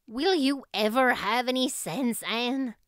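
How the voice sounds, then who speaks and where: A woman voicing a stern older female guardian who talks in a slow, dry, skeptical way. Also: on the high side, fairly bright tone, no room sound.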